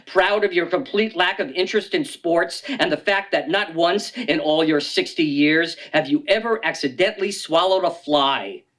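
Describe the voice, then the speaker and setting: A man in his sixties giving a live poetry reading at a bookstore, with a wry, comic delivery that breaks into sudden loud, rising outbursts. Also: fairly high pitch. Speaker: poet.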